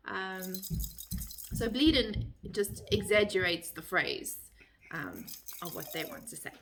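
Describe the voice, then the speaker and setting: A woman's voice: mid-range voice, unhurried, a bit bright. A woman from South Africa with a South African accent, casually explaining phrases to the camera in a light-hearted, chatty way. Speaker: vlogger.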